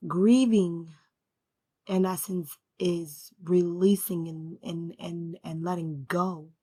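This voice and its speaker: A woman's voice: fairly low pitch, darkish tone. A woman talking to the camera about her healing journey. She speaks from the heart in a reflective way, asks herself questions and keeps checking in with "right?". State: emotional, near tears at times. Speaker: spiritual vlogger. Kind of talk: reflective personal talk to camera.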